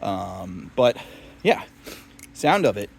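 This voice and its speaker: In a video review, a young man who reviews knives talks slowly in a fairly low, sing-song, creaky voice, wandering through his points with plenty of fillers and jokes at his own expense. A little hiss or hum is audible.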